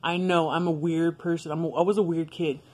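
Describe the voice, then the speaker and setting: A young woman talks straight to her viewers in a casual storytime vlog, blunt and full of swearing. Her voice sits a little low, and she breaks into laughter often as she goes. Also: steady tone, fairly quick. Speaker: vlogger.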